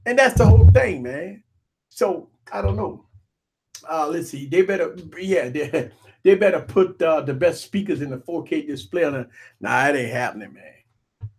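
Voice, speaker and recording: A man hosting a live tech stream, joking and ranting in an animated, repetitive way. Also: a little high, normal speed, breathy edge. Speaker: tech show host.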